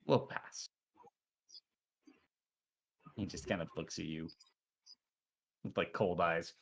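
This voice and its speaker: A man narrating a tabletop role-playing game as the dungeon master, in a loose, relaxed way. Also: low voice, a little slow, slightly rough.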